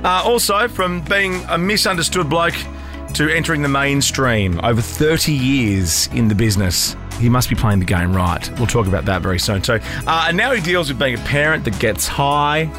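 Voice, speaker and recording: A man opening an episode of his interview show, bantering easily through his scripted lead-in. Guitar music plays clearly beneath his voice the whole way. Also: mid-range voice, expressive, normal speed, a bit bright. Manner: chatty, jokey. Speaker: podcast host. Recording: music bed underneath. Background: music playing.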